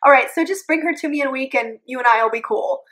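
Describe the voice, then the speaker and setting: Lady voicing a lonely teen beast boy, super chill and blunt, kinda high. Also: quick pace, a bit bright. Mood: offhand. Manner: casual, offhand.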